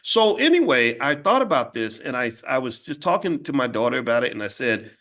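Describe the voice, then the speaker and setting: A man's voice: mid-range voice, sing-song, brisk, a bit bright. Blunt, emphatic man telling stories. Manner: blunt, emphatic, conversational with frequent restarts. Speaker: host. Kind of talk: casual monologue storytelling.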